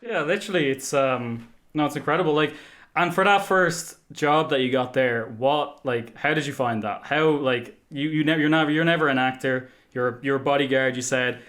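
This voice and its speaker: A man hosting a podcast, asking an eager, halting follow-up question. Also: medium pitch, fairly bright tone. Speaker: podcast host. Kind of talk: casual interview questions.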